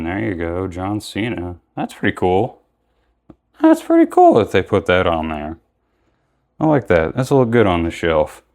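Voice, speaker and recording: A young man giving casual, rambling commentary while unboxing and reviewing action figures, often correcting himself mid-sentence. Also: low voice.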